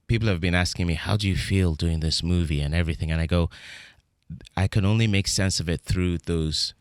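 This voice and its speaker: Low-voiced British man in a dry room. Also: fairly even intonation, brisk, clean tone, no echo. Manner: reflective, with frequent restarts and "you know". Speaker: guest actor. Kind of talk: casual interview chat.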